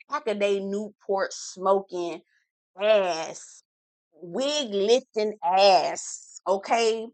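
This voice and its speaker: Female vlogger, bright and punchy, dramatic gossip recapper with slangy asides, dry close sound. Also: medium pitch, no echo. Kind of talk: casual gossipy episode recap.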